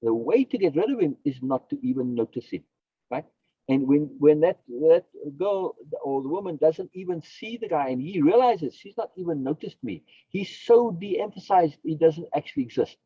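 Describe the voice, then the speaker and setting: A man's voice: fairly high pitch, expressive, normal speed, breathy edge, no echo, lo-fi sound. A man, a philosophy guest on a podcast, explaining his ideas emphatically, repeating key phrases and asking and answering his own questions.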